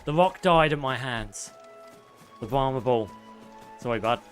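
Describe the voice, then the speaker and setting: Man, British accent, game streamer, casual live commentary, swears a lot, mid-pitched voice. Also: expressive, unhurried, soft background music. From United Kingdom. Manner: casual, chatty, swears freely. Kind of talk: live gameplay commentary, chatting with viewers.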